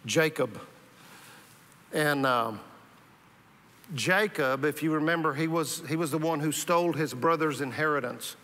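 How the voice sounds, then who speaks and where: A man's voice: a little high, a bit bright. A male pastor preaching a sermon in a conversational way, often restarting and repeating words. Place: church sanctuary. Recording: reverberant church hall.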